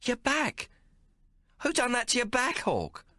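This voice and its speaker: A man voicing a coarse, affectionate young working-class woman with rough, teasing speech in a storybook reading. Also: on the low side, very animated, normal speed, sharp tone, no room sound, studio quality. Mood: alarmed.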